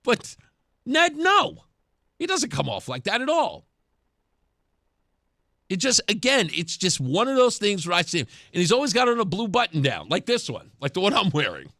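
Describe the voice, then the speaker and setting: Animated high-voiced male radio host. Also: moderate pace, pauses often, no room sound, clean studio sound. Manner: animated, sarcastic, laughs often. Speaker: radio talk show host. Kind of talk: opinionated political radio commentary. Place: radio studio.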